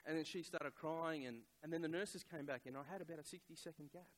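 A middle-aged man preaching a sermon, telling a personal story in a conversational, halting way with many fillers. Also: fairly high pitch, background noise.

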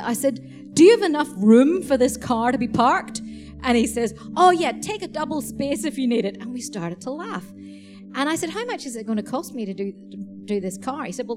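Animated woman preacher telling stories. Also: a little high. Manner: animated, laughing storyteller. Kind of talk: sermon storytelling.

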